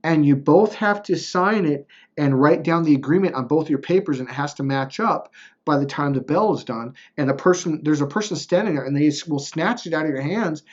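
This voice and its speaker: A motivational speaker with a fairly high-pitched, fairly quick voice tells a personal story, the highs cut off in the recording. He rambles casually with restarts, swears freely and bluntly, and keeps checking in with "right?"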